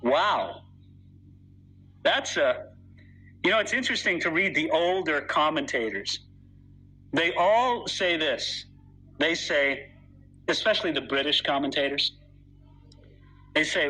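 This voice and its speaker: A man's voice: on the high side, lively intonation, unhurried, pauses often, bright, forceful tone, breathy edge, poor audio. A man preaching a sermon in an earnest, emphatic way, reading scripture aloud with dramatic weight.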